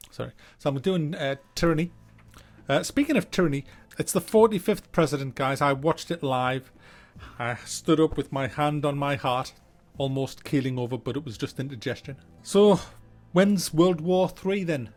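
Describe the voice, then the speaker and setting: A man's voice: on the high side, normal speed, faint music behind. A man hosting a casual gaming news vlog, joking, swearing freely and rambling from topic to topic. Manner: animated, joking, sweary, jumps between topics. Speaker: gaming channel host.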